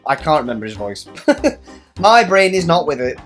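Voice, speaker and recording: A woman's voice: lowish voice, big pitch swings, unhurried, pauses often, faint music behind. A woman playfully narrating a video game, swearing freely and reading the characters' lines aloud. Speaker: let's play host. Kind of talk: casual gameplay commentary.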